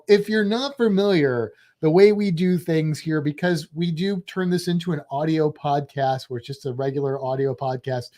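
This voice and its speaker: A man's voice: a little high, a little mellow. A talkative man co-hosting a live-streamed podcast. He rambles cheerfully, tosses in jokes and keeps the casual chat rolling with plenty of asides. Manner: chatty and jokey, self-described blabbermouth. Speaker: podcast co-host.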